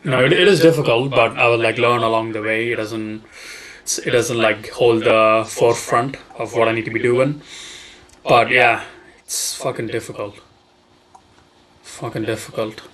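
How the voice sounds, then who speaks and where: A man's voice: medium pitch, steady tone, normal speed, fairly bright tone, poor audio. A young man from Tamil Nadu streaming casually while coding, muttering in frustration and swearing a lot. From Tamil Nadu, India.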